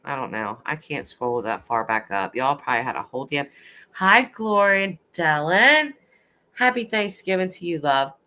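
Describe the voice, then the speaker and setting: A woman hosting a casual late-night live stream, chatting and rambling with her viewers, full of "like" and quick to laugh. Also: low voice, expressive, bright, forceful tone.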